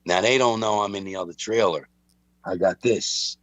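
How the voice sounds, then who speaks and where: Philly man telling a story, animated. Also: fairly low pitch, normal speed, dry recording, rough recording. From Philadelphia. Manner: animated, acts out voices in his stories. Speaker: guest storyteller. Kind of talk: casual storytelling chat.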